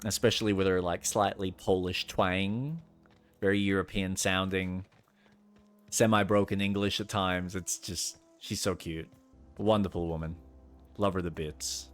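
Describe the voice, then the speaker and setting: A man's voice: low voice, steady tone, a little slow, pauses often, soft background music. A man giving casual, rambling commentary while playing a game. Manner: chatty, rambling, reacts aloud to the game. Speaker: gameplay streamer. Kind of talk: casual commentary over gameplay.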